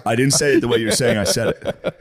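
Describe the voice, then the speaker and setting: A man's voice: medium pitch, fast, a crowd in the background. A man co-hosting a podcast, teasing his partner and laughing often, swearing freely. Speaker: podcast co-host. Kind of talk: casual comedic chat.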